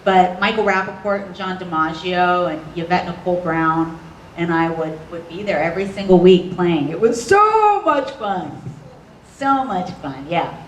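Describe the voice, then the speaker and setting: Brief: bubbly panel-guest actress, lively, laughs a lot; roomy hall sound, distant mic. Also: female voice, on the low side, moderate pace, a little hiss or hum. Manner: animated, bubbly, laughs often. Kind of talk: convention panel Q&A. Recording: echoey hall audio from a distance.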